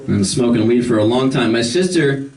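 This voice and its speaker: A man's voice: mid-range voice, expressive, normal speed, far from the mic. A man doing a stand-up set, telling loose, rambling stories full of fillers, recorded live in a comedy club with the audience laughing. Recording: live club recording from the room, crowd audible.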